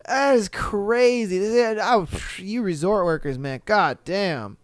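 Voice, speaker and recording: A man hosting a podcast, reading stories aloud and reacting with profane, animated, exaggerated commentary. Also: sits high, measured pace, few pauses, dry recording, studio quality. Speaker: podcast host.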